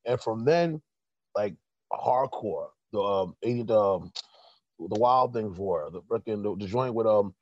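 A man's voice: fairly low pitch, animated, a little slow, a little mellow. A middle-aged man, a guest telling long, rambling stories in casual chat with many fillers. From New York. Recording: dull muffled sound.

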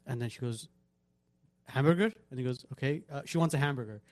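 A man's voice: medium pitch, very fast, no room sound. A man hosting a podcast, chatting casually and acting out the lines he quotes while telling stories. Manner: animated storytelling, acts out quoted lines. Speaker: podcast host. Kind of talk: casual chat.

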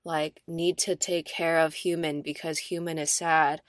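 A woman's voice: low-pitched, little pitch movement, measured pace, no echo, clean studio sound. A woman in her thirties, co-hosting a podcast, telling a personal story in casual, chatty talk full of "like". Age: 30s. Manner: chatty, storytelling, filler-heavy with frequent "like". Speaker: podcast co-host.

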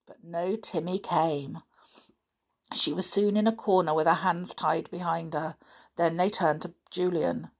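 A woman reading a children's adventure book aloud with expressive, dramatic narration. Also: fairly low pitch, a little slow, vocal fry. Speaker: storyteller.

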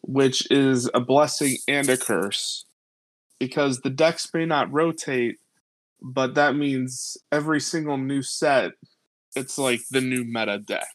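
A man speaking as a podcast guest in casual chat, unhurried and hesitant with many fillers. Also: mid-range voice, no room sound, rough recording.

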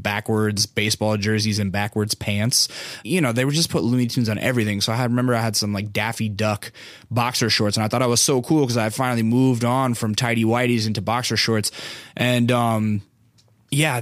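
A podcast host in his thirties tells a story in a loose, rambling way, swearing often and padding his talk with fillers. His voice sits at a middling pitch for a man. The sound is dry and close, with no room echo. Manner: profane, rambling, lots of fillers. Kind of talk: casual storytelling monologue.

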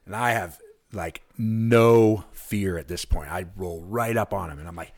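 Excited man telling a rambling story. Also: fairly low pitch, brisk. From Alaska. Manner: excited, rambling anecdote with lively quoted voices. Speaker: podcast guest. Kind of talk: casual storytelling chat.

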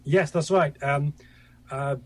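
A man's voice: a little high, steady tone, takes it slowly, darkish tone. A middle-aged man from Scotland, a guest author talking over a video call, hesitant with many fillers and restarts.

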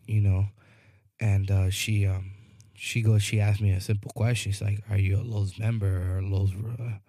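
This man co-hosts a podcast and, in loose banter, rambles through a long tale, impersonating its characters and often checking "you know what I mean." His voice is fairly low and dark, with clean studio sound and no room reverb.

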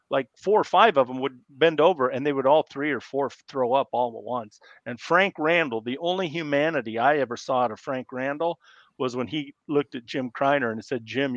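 A middle-aged man from Iowa spins long, rambling stories as a podcast guest, animated and full of restarts. His voice sits at an ordinary pitch. The sound is dry and a little muffled, close on a studio mic. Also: no room sound. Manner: rambling, animated, acts out coaches yelling. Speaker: podcast guest, former college football player. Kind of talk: casual storytelling interview.

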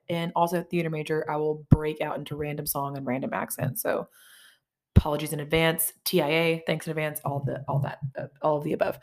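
A woman's voice: low voice, fairly even intonation, moderate pace, darkish tone. A woman hosting a podcast in casual confessional chat, rambling and candid with lots of swearing and self-mocking asides. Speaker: podcast host.

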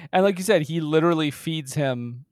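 A man's voice: fairly high pitch, fairly quick, smooth, no room sound, clean studio sound. A man co-hosting a podcast, chatting casually about a film with lots of restarts. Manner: chatty, animated, many restarts. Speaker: podcast co-host.

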